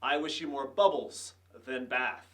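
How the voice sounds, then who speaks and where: A man reading a short picture-book passage aloud, then giving a slightly halting greeting to students. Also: medium pitch, a bit bright, distant mic. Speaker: school official greeting students. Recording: voice set back from the mic.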